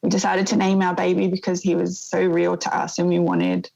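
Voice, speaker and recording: A woman in her thirties telling a painful personal story in an interview, in a soft, reflective way that often halts and starts again. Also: lowish voice, sing-song, gravelly, dull audio. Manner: soft, reflective, halting with restarts. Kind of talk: emotional personal testimony.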